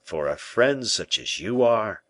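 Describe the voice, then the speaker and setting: A cool, unflappable schemer, read by a man, laying out commands with quiet self-possession. His voice is deep, and the close recording is dry. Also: unhurried, dry recording. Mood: confiding, stern. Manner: calm, smooth, persuasive. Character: cool, scheming male musketeer-bishop. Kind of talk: audiobook character reading.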